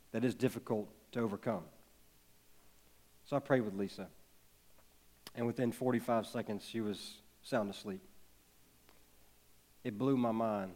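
A man's voice: fairly low pitch, a little mellow. Earnest man preaching a sermon. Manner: earnest storytelling, building to emphatic peaks. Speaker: pastor.

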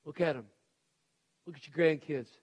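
Middle-aged male pastor, slightly high voice, urgent earnest sermon delivery. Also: steady tone, normal speed. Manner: earnest and pleading, with repeated urgent appeals.

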